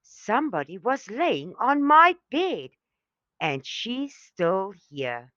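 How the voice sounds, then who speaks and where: A woman's voice: sits high, expressive, slow, pushed and bright, dry recording, muffled recording, voice pushed up, full character voice. A woman voicing a small baby bear boy in a storybook, speaking in a whiny, tearful way.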